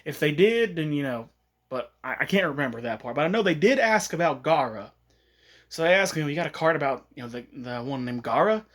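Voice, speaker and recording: A man's voice: mid-range voice, a bit bright. A man casually retelling a fan-made story, rambling, with many fillers.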